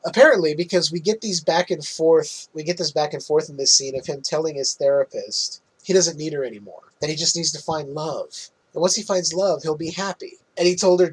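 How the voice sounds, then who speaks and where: A man hosting a podcast, casually recapping a film's plot in an animated way and laughing often. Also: fairly high pitch, breathy edge, poor audio. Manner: animated retelling, quick laughs. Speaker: podcast host.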